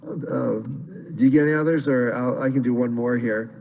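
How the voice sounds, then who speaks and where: A man's voice: mid-range voice, a little fast, creaky, darkish tone, in a large hall, slight background noise, poor audio. A man teaching Byzantine chant in an online class, explaining casually with many fillers and restarts.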